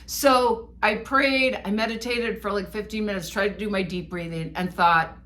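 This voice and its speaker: A woman co-hosting a podcast, telling a personal story in an animated, self-mocking way. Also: mid-range voice, moderate pace, few pauses. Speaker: podcast co-host. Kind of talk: casual storytelling chat.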